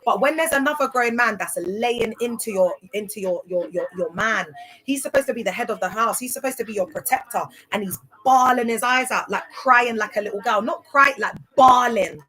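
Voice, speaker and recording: A woman's voice: fairly high pitch, a little fast, pushed and bright, rough recording. A young woman hosting a casual livestream, telling her story in an emphatic, chatty way and often checking that listeners follow. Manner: chatty, emphatic, keeps asking "do you get it?". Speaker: livestream host.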